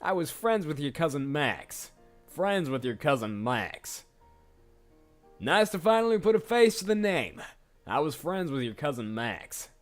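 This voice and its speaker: A man's voice: on the high side, very animated, measured pace, soft background music. A man voicing a friendly young man greeting someone new.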